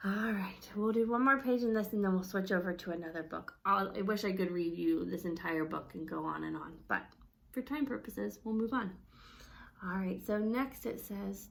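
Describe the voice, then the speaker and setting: A young adult woman speech-language pathologist, demonstrating expressive read-aloud with wide swings in her voice and friendly teacherly explanations. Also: moderate pace. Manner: expressive storybook reading with wide pitch swings.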